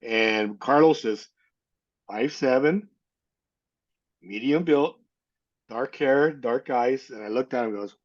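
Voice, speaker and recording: A man's voice: medium pitch, takes it slowly, pauses often, muffled recording. A man in his sixties from California, a guest telling a rambling personal story and acting out the dialogue. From California, USA. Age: 60s. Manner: rambling retelling, acts out quoted dialogue. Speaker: interview guest. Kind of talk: casual storytelling.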